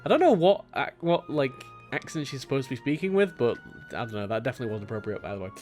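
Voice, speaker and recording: A man's voice: medium pitch, lively intonation, fast, darkish tone, faint music behind. A man giving casual game commentary with wry, joking asides. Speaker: let's play commentator.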